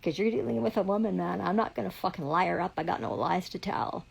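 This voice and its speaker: Profane, gravelly-voiced woman ranting. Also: lowish voice, animated, fast talker, rough recording. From Canada. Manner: heavily profane, indignant, rambling. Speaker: livestreamer. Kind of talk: angry live-stream rant.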